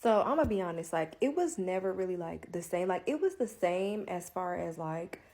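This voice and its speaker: A woman telling a long personal story in a casual, candid monologue, profane and rambling, filling nearly every pause with "like.". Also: fairly low pitch, animated, a little mellow. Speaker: storyteller vlogger.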